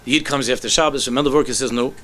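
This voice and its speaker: A man, a rabbi, telling a story in a sermon with animated delivery that sinks to soft, low tones. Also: very fast.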